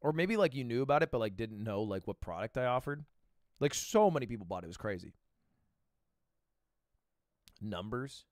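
An animated man chatting on a live stream with crude jokes and frequent laughs. His pitch swings widely, landing mid-range on average. The sound is close and dry, with no room echo. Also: moderate pace, long pauses. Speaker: streamer reacting to a video. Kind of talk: casual live-stream chat.

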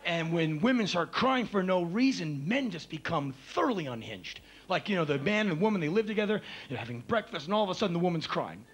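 A man's voice: big pitch swings, fairly quick, hardly any pauses, a little hiss or hum. Intense ranting man on a live stage. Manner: intense, ranting, acts out shrill voices. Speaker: spoken word performer. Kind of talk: live stand-up monologue.

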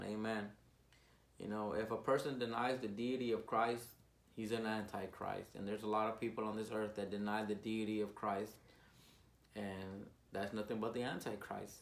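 A man preaching an informal sermon, earnest and repetitive, with his voice rising loud on key words. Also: fairly low pitch, level tone, normal speed, roomy sound.

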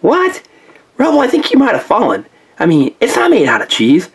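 A man voicing a clever, eager male inventor pup in a toy play-along story, insistent and excited. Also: high-pitched, normal speed, husky, voice pushed up, exaggerated voice.

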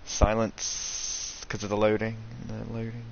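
A young man doing casual, sweary commentary over a video game, ranting and excitable. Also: on the low side, measured pace, creaky, highs cut off, slight background noise. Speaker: gaming streamer.

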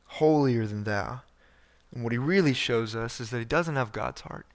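A man's voice: medium pitch, a little fast. A male pastor preaching a conversational sermon, reading scripture and acting out the quoted speakers, with frequent restarts.

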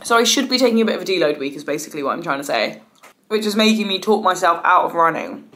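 A woman in her twenties talking casually to the camera at home, rambling, animated and swearing freely. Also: lowish voice, quick pace. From United Kingdom. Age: 20s. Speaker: vlogger. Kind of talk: casual chatty vlog.

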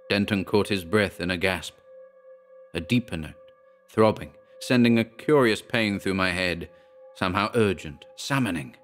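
Horror audiobook reader: very low-pitched man, measured and dramatic. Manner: measured, dramatic first-person storytelling. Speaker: audiobook narrator. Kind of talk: scripted horror narration.

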